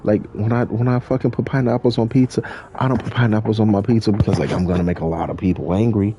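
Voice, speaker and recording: This young man's voice is fairly low, steady in tone, and fast, set against a noisy background. A YouTuber, he plays a driving game and rambles through a profane, slangy Q&A with his viewers.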